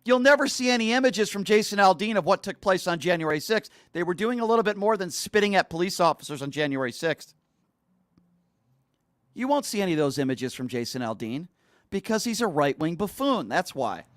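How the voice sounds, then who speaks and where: A man with a notably high voice hosts a talk show and rants with scorn, mocking and hammering the same points again and again. His voice sounds dry and close, with no room echo. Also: expressive, brisk, a bit bright. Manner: indignant, mocking, repetitive. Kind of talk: opinionated talk radio rant.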